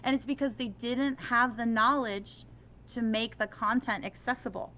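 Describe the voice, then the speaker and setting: Animated, bright-voiced woman teacher. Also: fairly high pitch, normal speed, slight background noise. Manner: animated, self-deprecating, impassioned. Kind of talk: interview.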